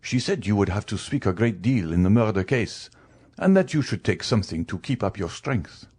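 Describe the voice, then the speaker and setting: A man voicing a deferential valet who speaks politely and quietly. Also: fairly low pitch, lively intonation, normal speed, breathy edge. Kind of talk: audiobook character reading.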